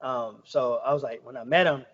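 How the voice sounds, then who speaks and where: A man's voice: medium pitch, moderate pace, fairly bright tone. A young adult man, a guest chef, chatting casually on a podcast and telling stories in slang, acting out what people said to him. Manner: slangy storytelling, acts out quoted dialogue. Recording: dull lo-fi podcast recording.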